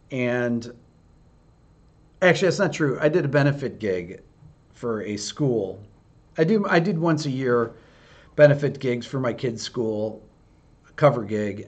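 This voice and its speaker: A male host telling a funny story in casual chat, rambling and restarting his sentences. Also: mid-range voice. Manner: rambling anecdote, lots of restarts.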